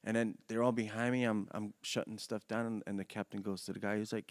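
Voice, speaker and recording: A middle-aged man, a podcast guest, telling a long story in a rambling, animated way, often restarting his sentences and laughing as he goes. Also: lowish voice, fast, few pauses, no echo, clean studio sound. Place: podcast studio.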